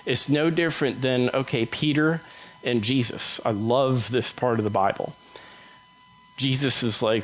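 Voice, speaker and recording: A man preaching a sermon in a conversational way, now and then acting out quick bits of scripture dialogue. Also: mid-range voice, low-quality recording. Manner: conversational, acts out Bible dialogue in quick voices.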